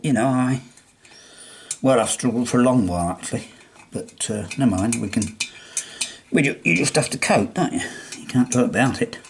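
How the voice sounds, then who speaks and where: A man's voice: mid-range voice, a little hiss or hum. An older man with an English accent, chatting his way through a workshop demonstration as he assembles something, talking himself through each step. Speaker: hobbyist restorer. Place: home workshop.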